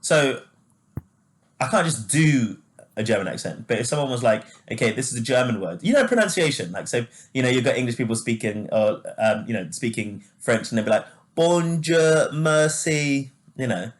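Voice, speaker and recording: Guy cohosting a podcast, mid pitch, chatty, laughs easy, lots of likes and ums. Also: animated, fairly quick. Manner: chatty, laughs easily, many fillers. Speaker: podcast co-host. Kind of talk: casual chat.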